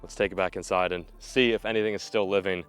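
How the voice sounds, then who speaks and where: Excitable male fishing vlogger, lowish voice. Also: fast talker, clear, resonant tone, soft background music. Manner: excitable, exclaims when surprised. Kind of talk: casual vlog narration. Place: outdoors by a backyard pond.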